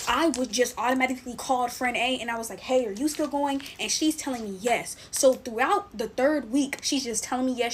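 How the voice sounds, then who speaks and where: A young adult woman narrating a personal story in a casual storytime style, animated and emphatic. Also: a little high, a little hiss or hum.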